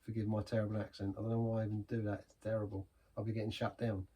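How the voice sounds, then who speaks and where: A man's voice: lowish voice, little pitch movement, rapid-fire, dark tone, slight background noise. A man giving a casual, rambling beer review in a pub, chatty and self-deprecating.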